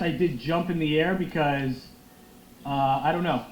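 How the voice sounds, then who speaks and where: A young man giving loud, excitable, profane commentary while playing a football video game. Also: on the high side, a little slow. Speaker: gaming streamer. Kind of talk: live gameplay commentary. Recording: echoey room with faint noise.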